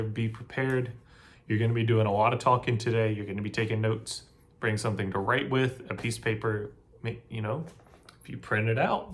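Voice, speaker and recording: A man hosting his own channel, giving casual step-by-step advice straight to camera. He talks chattily, repeats himself and keeps checking in with the listener. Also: on the low side. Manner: chatty, repeats himself, frequent "right?" asides. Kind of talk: casual how-to talk to camera.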